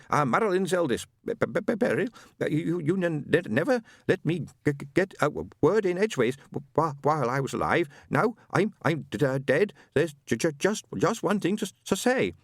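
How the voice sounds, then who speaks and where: A man's voice: on the high side, very animated, dry recording, studio quality, pitched above the performer's own voice. A man voicing the ghost of a husband who stammers badly and halts over every word. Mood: halting. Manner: heavy stammer, halting. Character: stammering dead husband speaking through a medium.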